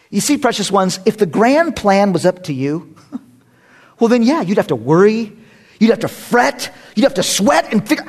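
A man's voice: sits high, sing-song, moderate pace, slightly rough. A man preaching a sermon as a pastor, joking and conversational, often breaking into laughter.

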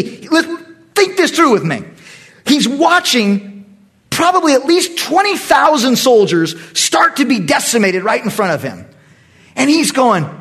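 A man pastor leading a Bible study, animated and acting out the voices of the people in the story. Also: extremely high pitch, husky. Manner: animated, acts out quoted voices. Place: church meeting room.

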